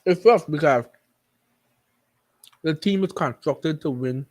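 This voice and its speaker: A man's voice: fairly high pitch, takes it slowly, a little mellow. A man co-hosting a casual football talk stream, rattling off player names and stats. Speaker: co-host.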